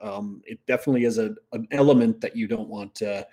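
A man's voice: lowish voice, fast, mellow. A man co-hosting a casual sports chat, agreeable and rambling, with frequent fillers. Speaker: co-host.

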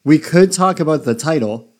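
A man's voice: a little high, animated, moderate pace. A man co-hosting a podcast in casual chat, making dry, wry jokes. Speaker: podcast co-host and band member.

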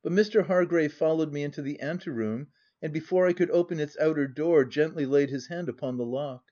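A man narrating a classic novel in an even, measured first-person reading. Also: fairly high pitch. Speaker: audiobook narrator. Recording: dull lo-fi audiobook recording.

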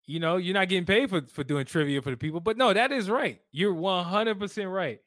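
A man's voice: high-pitched, expressive, brisk, fairly bright tone, no echo, clean studio sound. A man co-hosting a podcast, arguing bluntly and swearing casually in banter. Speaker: podcast co-host.

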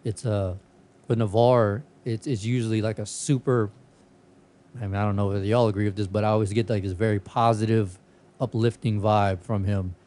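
A man's voice: lowish voice, fairly even intonation, moderate pace, mellow. A man hosting a podcast in casual chat, telling stories with lots of swearing and laughter. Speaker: podcast host.

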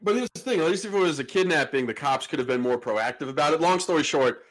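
Talking fast in a fairly high voice, a male podcast host tells a story casually. He's animated throughout, acting out each of the people involved.

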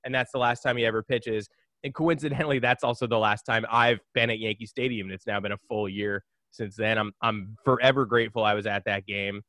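A man's voice: fairly low pitch, steady tone, brisk, pushed and bright, no room sound. A man co-hosting a casual sports podcast, talking in an opinionated, conversational way. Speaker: podcast co-host.

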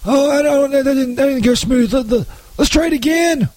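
A man's voice: a little mellow, no echo. A man in a comedy sketch who stammers and trips over his words, swearing a lot as he argues. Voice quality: high-pitched, stammering. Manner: halting, stumbling over words, profane. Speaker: comedy show regular playing Saint Peter.

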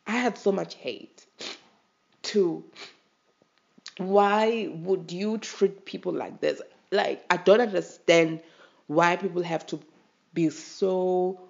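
Gravelly South African podcast host. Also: medium pitch, takes it slowly, a little mellow, lo-fi sound. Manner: emotional and impassioned, urging listeners. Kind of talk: casual podcast monologue.

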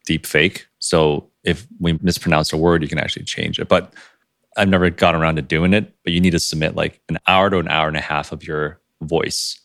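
A man co-hosting a podcast in casual chat, animated and quick to laugh. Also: rumbling low, creaky, no room sound, clean studio sound. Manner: animated, laughs often, words tumbling fast. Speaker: podcast co-host.

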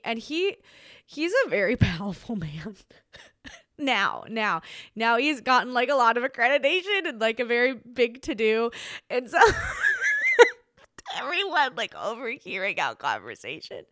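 A young woman podcast host delivers a casual storytelling monologue at an unhurried pace, recorded dry with studio quality. She's chatty and animated, acting out quoted voices with big pitch jumps, and her speech is full of "like"s, fillers, and restarts.

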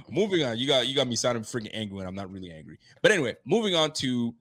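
A man hosting a casual sports podcast, animated and laughing, getting loud for emphasis. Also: medium pitch, rapid-fire. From Haitian roots. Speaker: podcast host.

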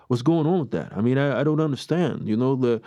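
A man's voice: medium pitch, fast, mellow, dry recording, lightly acted. Man putting on a mock New York accent, opinionated rant, rhetorical questions, dry close sound. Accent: put-on New York accent. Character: opinionated adult male New Yorker ranting.

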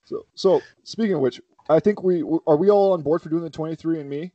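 A man's voice: on the high side, brisk, no echo, dull audio. A man hosting a casual podcast, teasing his co-hosts and laughing often as he steers toward the news. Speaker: podcast host leading the segments.

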